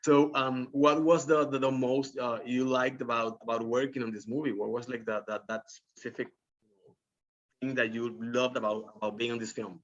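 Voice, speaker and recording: A man conducts a press interview at a middle pitch, stumbling over words and repeating himself. His recording sounds slightly dull. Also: flat delivery. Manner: halting, with many repeated words and fillers.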